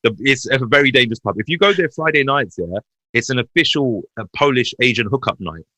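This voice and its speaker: A man's voice: fast, no echo, rough recording. A man, a podcast guest telling comedic stories in casual chat. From Hounslow, West London. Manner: animated, swings in pitch while telling anecdotes. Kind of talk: lively storytelling chat.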